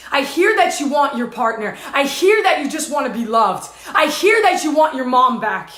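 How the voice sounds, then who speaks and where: A woman's voice: high-pitched, big pitch swings, normal speed, hardly any pauses, a bit bright. A woman speaking emotionally to her viewers as a spiritual teacher, repeating intense affirmations and swearing casually. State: tearful and dizzy at times. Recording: roomy echo.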